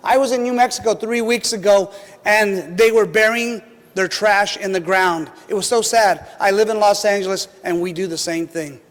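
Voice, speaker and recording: A man's voice: high-pitched, moderate pace, fairly bright tone. A man giving an earnest, emphatic public comment at a city council hearing. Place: large city council chamber. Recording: reverberant council chamber.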